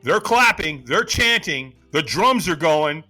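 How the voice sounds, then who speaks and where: A man's voice: on the high side, expressive, slow pace, bright, forceful tone, soft background music. A middle-aged man, a podcast guest, telling a personal story dramatically and acting out the voices of the people in it. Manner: dramatic storyteller who acts out quoted voices.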